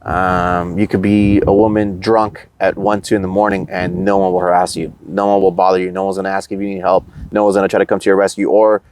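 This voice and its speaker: A man's voice: low voice, flat delivery, a little fast, few pauses, a little mellow, slight background noise. A man from the United States, a podcast guest, chatting casually and with enthusiasm about travel.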